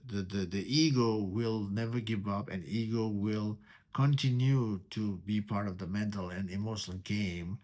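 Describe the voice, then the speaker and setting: A man teaching meditation in a spiritual talk. He speaks deliberately, repeats key words, and poses rhetorical questions. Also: on the low side, a little mellow.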